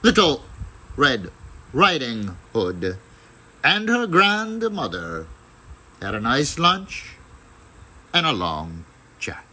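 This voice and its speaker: Slow, expressive male storyteller. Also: medium pitch, husky, rough recording. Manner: deliberate, expressive delivery. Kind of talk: dramatic storybook reading.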